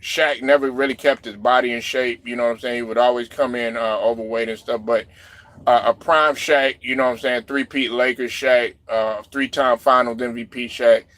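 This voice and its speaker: A man's voice: medium pitch, fairly even intonation, normal speed, a bit bright. Rambling man on casual sports talk. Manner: loose, rambling, lots of fillers and "you know what I'm saying". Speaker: livestream host reading chat.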